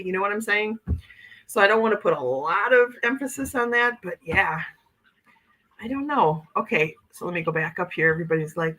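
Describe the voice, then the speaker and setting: This woman's voice is on the low side, animated and a little fast, with a pushed, bright quality on a rough recording. Hosting a casual livestream, she rambles, reads viewer comments, and repeats "okay" and "you know what I'm saying" often.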